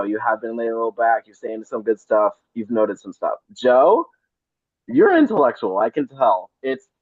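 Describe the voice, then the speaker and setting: A man's voice: medium pitch, no echo. Brief: playful, sassy male contestant, tinny dry phone-like sound. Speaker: game contestant. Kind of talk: casual game talk.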